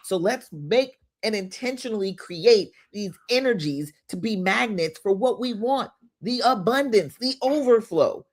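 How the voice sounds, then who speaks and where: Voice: mid-range voice, lively intonation. Host of an upbeat live affirmation session. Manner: leads slow repeated affirmations, greets chat viewers; informal, upbeat preaching with slang. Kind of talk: guided visualization and affirmations on a livestream.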